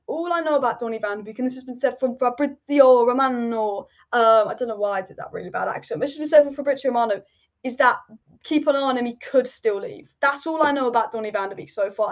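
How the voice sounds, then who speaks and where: A woman with a high voice hosts a live football stream. She rambles with strong opinions and repeats her points for emphasis, and the audio is dull and lo-fi. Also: fast. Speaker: football channel host. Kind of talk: live-stream football chat reading viewer comments.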